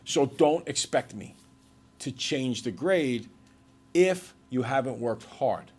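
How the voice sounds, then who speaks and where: A man's voice: medium pitch, expressive, slow, a little mellow. A man who teaches math, lecturing his class and then working through problems with his students.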